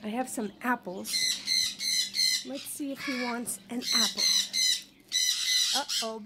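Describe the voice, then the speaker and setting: A woman's voice: a little high, takes it slowly. A woman vlogger in her bird room, talking to her pet birds in a coaxing, sing-song way. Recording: loud bird noise in room. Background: loud squawking parrots.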